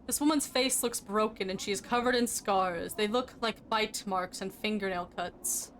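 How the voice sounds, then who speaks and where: A woman's voice: mid-range voice, moderate pace, a bit bright, slight background noise. A young woman streaming, reading game narration aloud in a casual, plain manner.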